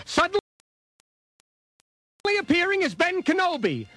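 A man's voice: very high voice, huge pitch swings, unhurried. A man narrating a comedic novelty record like a breathless mock reporter, calling out questions to the characters. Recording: loud pop music playing under the voice. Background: loud music.

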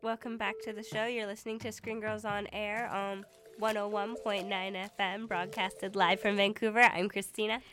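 Young woman, radio co-host, casual studio chat, mid-pitched voice, restarts as she thinks. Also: little pitch movement, moderate pace, few pauses, over loud music. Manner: chatty, thinks aloud with restarts.

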